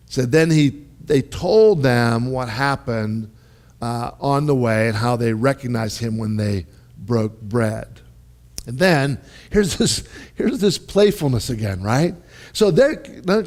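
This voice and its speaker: A man preaching a sermon in a lively, conversational way, often checking in with his listeners and restarting his phrases. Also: medium pitch. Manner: animated, conversational, with repeated "right?" and restarts. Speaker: pastor.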